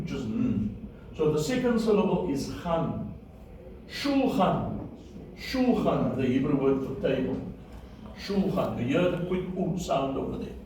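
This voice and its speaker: A man's voice: fairly high pitch, warm tone, a little hiss or hum. Man teaching from far back in an echoey room. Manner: patient, repeats sounds slowly and checks understanding. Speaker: Hebrew teacher. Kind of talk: classroom lesson on Hebrew vowels.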